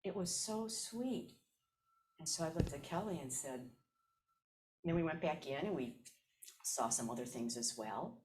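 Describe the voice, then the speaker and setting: A woman's voice: sits low, animated, normal speed, pauses often, a little mellow, a little hiss or hum. A woman in her seventies from Chicago's South Side, a Zen teacher giving a dharma talk as personal storytelling and repeating her key phrases. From South Side of Chicago, USA. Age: 70s.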